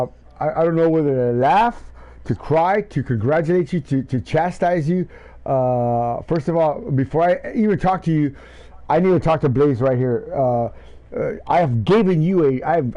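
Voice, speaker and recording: Excitable man calling a race. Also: fairly high pitch, highs cut off. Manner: shouting excitedly, then breathless and rambling. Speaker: race commentator and host. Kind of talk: excited sim racing commentary.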